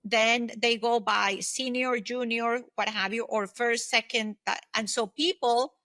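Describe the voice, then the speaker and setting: A woman's voice: a little high, fairly even intonation, a little slow, sharp tone, dry recording. A woman in her fifties, an interview guest, telling long personal anecdotes in an earnest, reflective way. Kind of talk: conversational interview storytelling.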